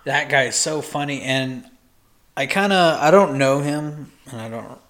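A man with an ordinary mid-range voice talks through his thoughts on a casual podcast. He hesitates, restarts and fills pauses as he goes. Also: mid-range voice, a bit bright. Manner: hesitant, rambling, many ums and restarts. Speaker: podcast co-host. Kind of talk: casual chat.

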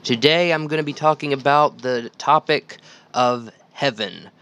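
Earnest guy hosting a bible podcast, reads verses out, smooth clear voice, middle pitch. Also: unhurried, sharp tone. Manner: earnest, conversational, with restarts and repeated phrases; reads scripture aloud. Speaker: podcast host. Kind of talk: solo Bible teaching podcast.

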